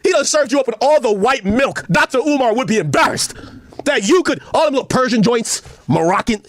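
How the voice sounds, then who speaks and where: A man loudly ranting on a clip, mocking and profane, often shouting and laughing. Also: extremely high pitch, expressive, brisk, slight background noise. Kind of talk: heated reaction rant.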